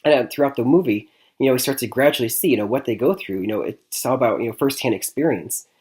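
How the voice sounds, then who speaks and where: A man's voice: mid-range voice, quick pace, darkish tone. A man from Michigan giving a casual, chatty movie review. He talks loosely, with frequent "I mean" and "like I said", and he laughs often. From Michigan, USA.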